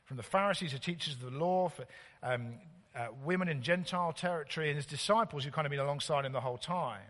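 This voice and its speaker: Visiting preacher, man, chatty halting delivery, church hall reverb. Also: fairly high pitch, fairly bright tone. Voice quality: halting, many fillers and restarts. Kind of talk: sermon.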